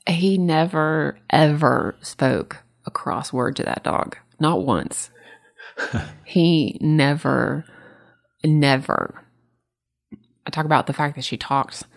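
A grieving woman with a low voice and a gravelly edge talks openly in a relaxed conversation. She tells her stories candidly and warmly. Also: slow pace, long pauses. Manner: candid, warm storytelling with laughs. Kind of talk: casual conversation.

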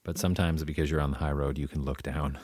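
A man's voice: very deep voice, steady tone, fast talker, darkish tone, slightly rough, no room sound. A man making wry, dry remarks in casual podcast chat. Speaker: podcast co-host.

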